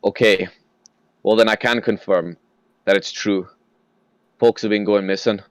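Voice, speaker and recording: A low-pitched man runs a tabletop game as game master, narrating the scene and slipping into gruff character lines. His voice is recorded close and dry, with no room sound. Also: fairly even intonation, a little slow, no echo.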